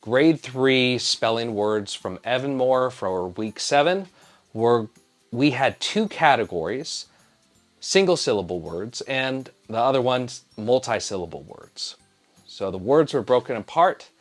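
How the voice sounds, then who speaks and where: A man's voice: mid-range voice, animated, unhurried, faint music behind. A man teaching a spelling lesson to third graders, encouraging and sounding out words syllable by syllable.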